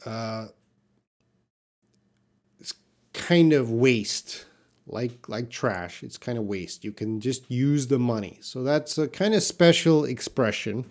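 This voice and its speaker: A man teaching English on a live stream, reading out viewers' questions and explaining words slowly and patiently. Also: medium pitch, darkish tone. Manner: slow, patient, drawn-out explanations; reads viewer questions aloud. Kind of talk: live-stream English class answering chat.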